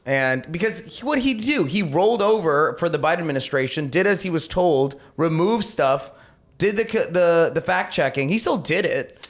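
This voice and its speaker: A man's voice: fairly high pitch, animated, normal speed. A man co-hosting a podcast in casual chat, easygoing, laughing along and bringing up the next story. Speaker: podcast co-host.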